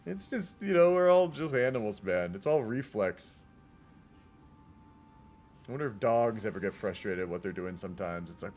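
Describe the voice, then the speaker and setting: A man's voice: fairly low pitch, lively intonation, normal speed, long pauses, a little mellow, soft background music. A man streaming and casting a multiplayer strategy game in casual live commentary, rambling and laid-back, swearing and often tacking "man" onto his sentences.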